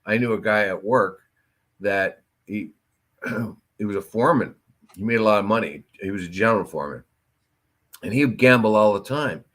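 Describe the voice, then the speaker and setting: A man co-hosting a local talk show, his voice sitting a little low. He drifts into long, rambling anecdotes and keeps the tone relaxed and chatty. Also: normal speed. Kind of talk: casual talk-show chat.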